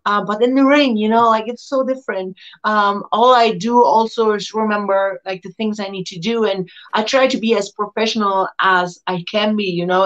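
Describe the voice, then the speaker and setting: A woman in her thirties recounts her wrestling days in a relaxed, animated way. She laughs easily and slips into the voices of people in her stories. The audio is slightly dull and muffled. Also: mid-range voice. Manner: lively, laughs often, acts out quoted voices. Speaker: interview guest, professional wrestler. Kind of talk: casual storytelling.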